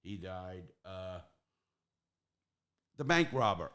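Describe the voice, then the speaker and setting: A man's voice: low voice, lively intonation, slow pace, fairly bright tone. A man hosting a casual chat with old friends, blunt and swearing freely. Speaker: host.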